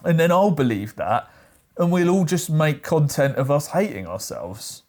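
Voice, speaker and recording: A man's voice: a little high, sing-song, moderate pace, darkish tone. A man hosting a reaction video, chatting casually with frequent "like" fillers and laughter.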